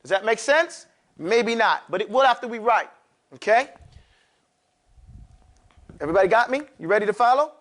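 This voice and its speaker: Brief: very high-voiced male teacher, drills a class in a classroom, keeps asking if they follow. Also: lively intonation, normal speed, long pauses, fairly bright tone. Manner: drills pronunciation, checks in with "okay?". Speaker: Quran recitation teacher. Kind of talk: classroom lesson.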